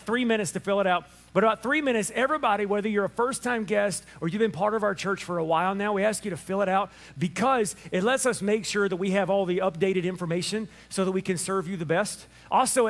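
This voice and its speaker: A man preaching an Easter sermon as pastor, animated in his storytelling and acting out the voices of people in his stories. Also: high voice. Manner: animated storytelling, acts out dialogue.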